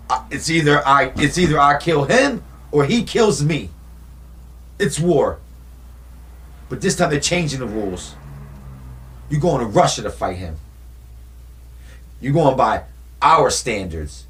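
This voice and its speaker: A man retelling a movie in a casual, animated style, full of slang and rhetorical questions. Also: fairly high pitch. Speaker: movie commentator. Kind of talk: casual storytelling commentary.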